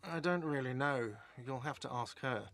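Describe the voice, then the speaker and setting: A man's voice: medium pitch, normal speed, a bit bright, no room sound, soft background music, natural voice. A man voicing an irritable middle-aged innkeeper in a video game, speaking curtly and grudgingly. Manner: curt, grudging. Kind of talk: game dialogue.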